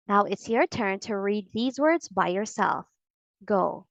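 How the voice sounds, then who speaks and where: A woman with an American accent teaching English pronunciation in a slow, deliberate lesson, repeating each word for drills. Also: mid-range voice, animated, creaky, no room sound, rough recording.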